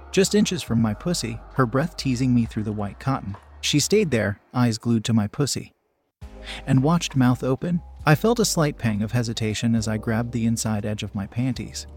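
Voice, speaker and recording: A man narrating a first-person story aloud in a slow, hushed reading voice. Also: mid-range voice.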